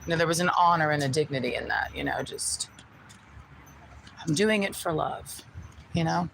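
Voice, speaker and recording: A woman's voice: deep voice, expressive, moderate pace, vocal fry, a bit bright, a little hiss or hum, rough recording. A woman vlogger ranting to the camera in an aggrieved, venting way, repeating herself and swearing. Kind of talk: personal rant to camera.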